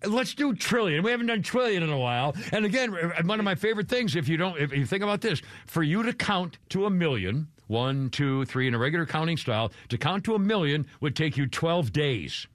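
A man's voice: expressive, a little fast, hardly any pauses, a bit bright, no room sound, studio quality. A male radio host telling stories in casual banter, rambling and chuckling as he goes. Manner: rambling, chuckling, wide swings of pitch.

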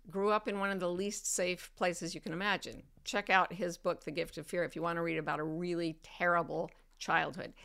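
A woman hosting a show, answering listener questions in an advice talk and slowing and softening her voice for serious points. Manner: gentle, deliberately slows and lowers her voice for serious points. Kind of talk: warm advice talk to an audience.

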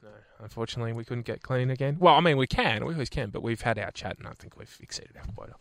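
A man's voice: mid-range voice, quick pace, dry recording. A man with an Australian accent hosting a radio show, bantering playfully and reading out quiz questions. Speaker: radio host.

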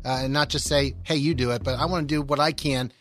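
A man's voice: medium pitch, steady tone, quick pace, fairly bright tone. A man hosting a radio talk show, friendly and upbeat, reading a phone number and chatting with a guest.

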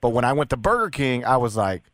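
Middle-aged male radio host, animated and argumentative, bright lively delivery, dry booth sound. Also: mid-range voice, fast talker, dry recording. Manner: animated, argues his case with stammered restarts. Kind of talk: casual talk radio banter.

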